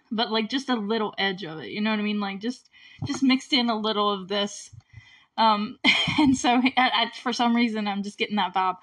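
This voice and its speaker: A young woman hosting a podcast, recapping a film in casual solo chat, full of "like" and "you know" and quick laughs. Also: a little high, a bit bright. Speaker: podcast host recapping a movie.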